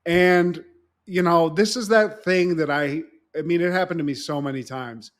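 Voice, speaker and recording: Animated man recapping an episode. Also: a little high, moderate pace. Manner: animated, swearing, acts out characters' lines. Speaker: podcast co-host. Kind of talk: casual chat recapping a TV episode.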